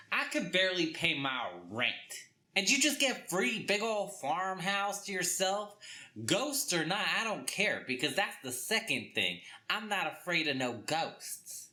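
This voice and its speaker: A young man with a Southern US accent rants his way through a comic book review, exasperated, acting out characters in quick voices. His voice is mid-range with a sharp tone.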